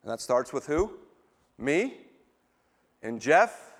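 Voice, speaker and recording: A middle-aged man preaching to his church in a slightly higher voice. He sounds emphatic, putting questions to the listeners and slowing down to press his points. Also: sing-song, breathy edge. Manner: emphatic, asks the congregation questions. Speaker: pastor. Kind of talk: sermon.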